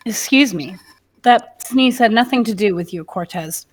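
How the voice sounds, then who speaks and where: A woman's voice: on the high side, expressive, measured pace. A woman player chatting casually during a tabletop game, rambling with fillers.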